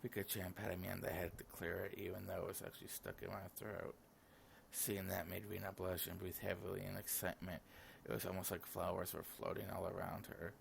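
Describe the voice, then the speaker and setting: With a low voice and vocal fry, a sleepy gaming channel host yawns his way through reading all of a visual novel's lines aloud himself, throwing in casual remarks. Slight background noise is audible.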